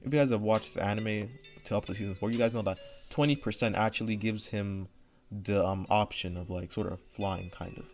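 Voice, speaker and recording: A man with a lowish voice retells his fan story without a script, wandering through fillers and checking in with "right?". He is recorded at home on a desk microphone that sounds dull and lo-fi. Faint music runs underneath. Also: fairly even intonation, brisk, a little mellow. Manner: rambling, full of fillers and "right?" asides. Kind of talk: unscripted casual story retelling. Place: home room.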